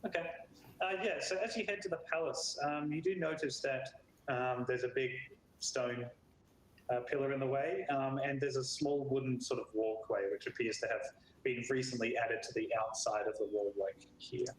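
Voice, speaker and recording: A man's voice: medium pitch, normal speed. Australian man running a tabletop game. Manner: relaxed, filler-heavy narration with brief character voices. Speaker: dungeon master. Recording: echoey room with faint noise.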